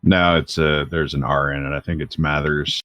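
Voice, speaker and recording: Very deep-voiced male player, dull call audio. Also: fairly even intonation, fairly quick, pushed and bright, dry recording. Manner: questioning, with hesitant restarts. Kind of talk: casual chat in a tabletop game.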